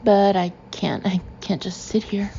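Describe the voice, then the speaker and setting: A woman reads a first-person novel aloud, expressive and full of indignation. Her voice is mellow and carries a gravelly edge, with a slightly muffled, dull sound to the recording. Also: mid-range voice, a little slow, slight background noise. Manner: expressive, acting out the narrator's indignation. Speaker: audiobook narrator. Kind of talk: first-person audiobook narration.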